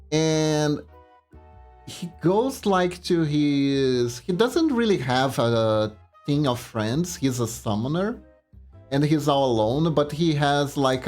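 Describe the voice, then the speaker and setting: Male streamer, unhurried rambling storyteller, faint music in the background. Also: medium pitch, a little mellow. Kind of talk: casual livestream chat.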